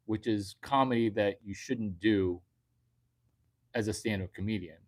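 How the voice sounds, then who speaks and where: A man's voice: lowish voice, a little mellow. A man, a comedian, giving a crude, rambling comedic monologue to online viewers and repeating his punchlines. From United States.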